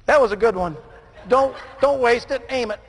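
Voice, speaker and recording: A man with a strikingly high voice delivers a motivational speech, urging his audience to answer him back. He often breaks into shouts. A faint room hum sits behind him. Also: moderate pace. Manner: call-and-response, often shouting. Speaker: motivational speaker.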